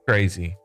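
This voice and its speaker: A man with a fairly low voice streams a game live, rambling easily between tasks and reading out viewer comments. Relaxed and quick to laugh, he talks over soft, faint music.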